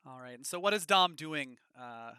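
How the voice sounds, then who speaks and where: Dm guy with a super bright clear voice, asks the players stuff. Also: on the high side, lively intonation, normal speed, no echo. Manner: describes at length, prompts the players with questions. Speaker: game master. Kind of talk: narrating a tabletop game.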